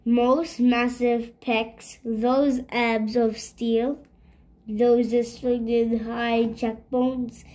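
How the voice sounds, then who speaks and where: A woman's voice: on the high side, level tone, drawn-out words, darkish tone. A woman voicing a vain, grumpy male evil cat scientist in a storybook read-aloud, bossy and boastful.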